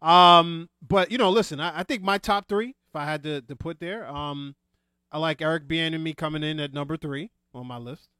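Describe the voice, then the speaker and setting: A man's voice: fairly high pitch, moderate pace, bright, forceful tone, smooth, no echo, clean studio sound. A man giving his opinions on a casual sports talk show, hesitant, with many ums and restarts. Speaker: podcast co-host.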